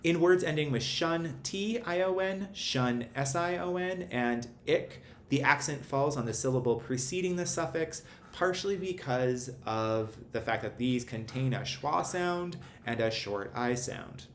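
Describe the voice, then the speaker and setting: A man teaching a recorded phonics lesson, explaining syllable accents in a clear, methodical way. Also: fairly high pitch, lively intonation, measured pace, hardly any pauses. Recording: roomy echo, faint background hum.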